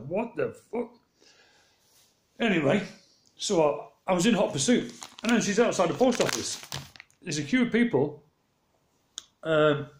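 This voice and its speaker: Man, casual vlog storytelling, rambling, quotes people, somewhat high voice, echoey sound. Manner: rambling, animated retelling with quoted exchanges. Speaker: vlogger. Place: walking around outdoors.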